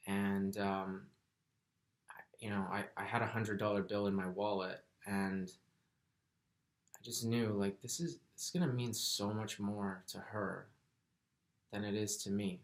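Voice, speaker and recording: Low, gravelly-voiced man telling a story. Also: steady tone, unhurried, pauses often. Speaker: vlogger. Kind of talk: personal storytelling.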